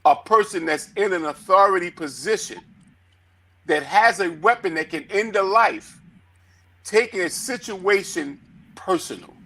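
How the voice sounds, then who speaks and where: A man co-hosting a talk show, arguing a point and telling a story in an animated way, swearing freely. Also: sits high, measured pace. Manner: animated, swearing, acts out quotes loudly. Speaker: podcast co-host. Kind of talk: heated debate, storytelling.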